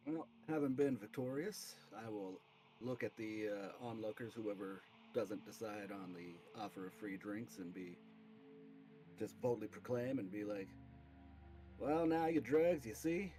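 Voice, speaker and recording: A man playing a tabletop game, describing his moves softly and haltingly. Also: fairly low pitch, over music. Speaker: player.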